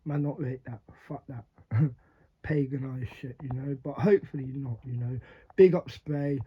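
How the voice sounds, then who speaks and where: A man's voice: medium pitch, steady tone, moderate pace, slightly rough. A man giving blunt, slangy reaction commentary, swearing often and laughing between remarks. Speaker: reaction video host. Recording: dull lo-fi sound.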